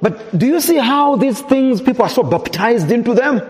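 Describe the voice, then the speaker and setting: A man's voice: very high-pitched, expressive, moderate pace, darkish tone. A man preaching a sermon as pastor, building to emphatic calls to the congregation. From Zambia. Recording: long hall reverb.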